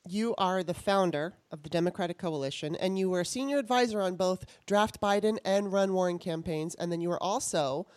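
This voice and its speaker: A woman's voice: lowish voice, a little mellow, no room sound. A woman hosting a casual political talk show, chatty and laughing often, with many fillers. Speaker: podcast host.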